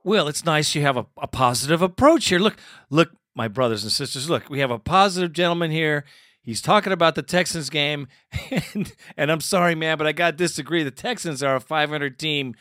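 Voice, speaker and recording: A man hosting a fan podcast runs a mock group therapy session, swearing, laughing, and staying animated throughout. His voice is on the high side and fairly quick, with clean studio sound and no echo.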